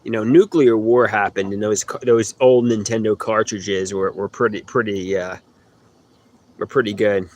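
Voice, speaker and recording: Answering viewer comments on a phone-camera livestream by an outdoor pool, a man chats in a rambling way, faking a New York accent and breaking into hummed or sung bits. His voice is fairly low, a little mellow and fairly even in intonation, at a moderate pace, with slight background noise.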